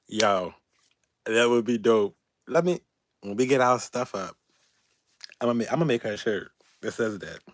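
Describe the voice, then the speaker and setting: Man, animated storytelling, laughing and cussing, dry close sound. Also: lowish voice, no echo. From Baltimore, Maryland. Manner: animated, laughing, profane, quoting others in raised voices. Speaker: YouTube channel host. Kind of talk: casual storytelling livestream.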